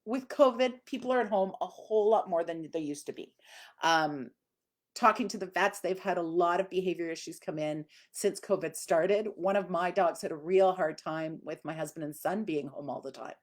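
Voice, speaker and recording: A woman's voice: lowish voice, normal speed. A middle-aged woman, a dog trainer, teaching casually on a live stream in a chatty, conversational way with lots of fillers.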